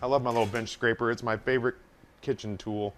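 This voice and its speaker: A man's voice: medium pitch, steady tone, quick pace, slight background noise. A man streaming live, telling a long story from his waiting days in a casual, profane, self-deprecating way.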